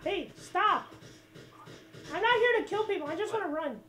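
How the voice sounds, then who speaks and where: A woman with a very high, childlike voice, talking in a silly, innocent way for a gaming prank video. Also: expressive, moderate pace, sharp tone, roomy sound, soft background music. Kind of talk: casual vlog intro and game chat prank.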